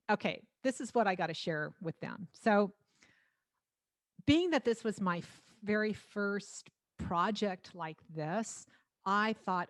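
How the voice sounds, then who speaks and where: A woman singer-songwriter chats warmly through stories, laughing easily and often restarting her sentences. Her pitch sits mid-range, and the sound is dry and close with no room echo. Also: takes it slowly. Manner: chatty, lively storytelling with frequent laughs and restarts. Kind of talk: casual talk at an album launch.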